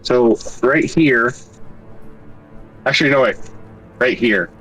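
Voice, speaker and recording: A man's voice: medium pitch, slow, a bit bright, breathy edge, soft background music. A man playing a tabletop game, talking hesitantly as he thinks aloud. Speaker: player. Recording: voice a bit far from the mic.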